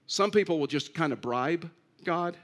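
A man's voice: a little high, expressive, normal speed, fairly bright tone. A man preaching a sermon in an earnest way, repeating key phrases and rising to emphatic pleas. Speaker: pastor.

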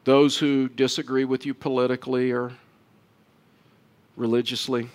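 Male pastor, mid-pitched voice, earnest sermon delivery with restarts. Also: little pitch movement, smooth. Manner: earnest preaching, stumbling restarts, rises louder and quicker near the close.

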